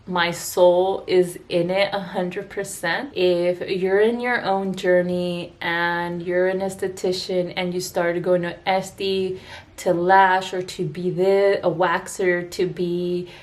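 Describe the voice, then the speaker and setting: A woman esthetician talking to her viewers in a personal vlog, tearful and earnest, halting with sighs and restarts. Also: lowish voice, flat delivery. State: tearful, crying. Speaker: esthetician vlogger. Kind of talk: emotional personal vlog talk.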